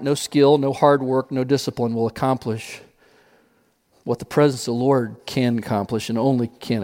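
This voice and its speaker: A man preaching a sermon as pastor, emphatic, repeating key phrases and slowing down to stress them. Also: medium pitch, a little mellow, long reverb tail.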